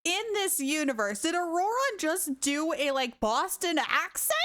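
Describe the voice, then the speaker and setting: Brief: young woman streamer, bright tone, slow unhurried talk, giggly reactions. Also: high voice, very animated. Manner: bubbly, laughs a lot, reads dialogue aloud. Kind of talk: live gameplay reaction.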